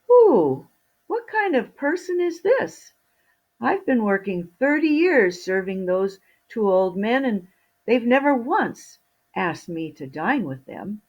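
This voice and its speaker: An invisible male servant spirit from a fairy tale, chatty and eager to please, as a woman storyteller plays him. The voice is husky and swoops high. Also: sing-song, slow, a little mellow, lo-fi sound, exaggerated voice. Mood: indignant.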